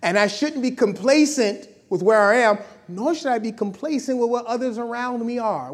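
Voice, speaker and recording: A man preaching a sermon, lively and conversational, acting out quoted voices as he explains scripture. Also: high voice, normal speed. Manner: animated, acts out quoted voices.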